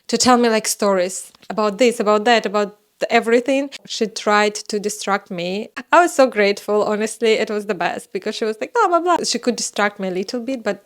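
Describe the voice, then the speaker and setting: A young woman whose first language is Russian, telling a personal story in a casual, animated way, with sudden high exclamations. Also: a little fast, hardly any pauses. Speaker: vlogger telling her birth story.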